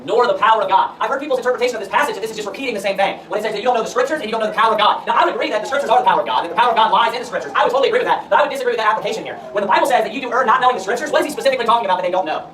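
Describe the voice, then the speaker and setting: A man's voice: sits high, very fast, hardly any pauses, a crowd in the background. A man preaching a sermon and reading scripture aloud, emphatic and full of rhetorical questions. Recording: roomy echo, far from the mic, faint room noise.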